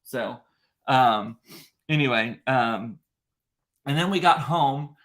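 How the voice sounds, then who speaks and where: A middle-aged man, a podcast host, telling a story in casual chat, animated and swearing, acting out the voices of people he quotes. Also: medium pitch, takes it slowly.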